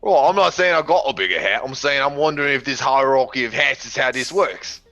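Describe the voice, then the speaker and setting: A man's voice: medium pitch, brisk, sharp tone, lo-fi sound, close to an everyday voice. A man voicing a brash human gunman who swears and asks blunt, cheeky questions. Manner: crude slang and swearing, keeps asking blunt questions.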